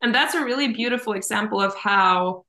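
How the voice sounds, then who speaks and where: Bright-voiced woman coach in an echoey room. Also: mid-range voice, a little fast. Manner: thoughtful, explains with images, says "kind of" and "like" often. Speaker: Human Design reader and coach, guest. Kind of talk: casual explanatory chat.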